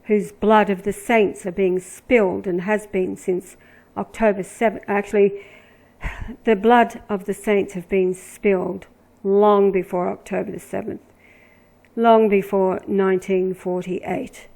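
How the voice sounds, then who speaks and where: A woman speaks in a mid-range voice, giving religious commentary as she reads verses aloud. Her pace is slow and measured. She stretches key words for emphasis. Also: mid-range voice, steady tone, vocal fry, a little mellow, poor audio. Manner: deliberate, emphatic, drawing out words when reading verses. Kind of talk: scripture-reading commentary.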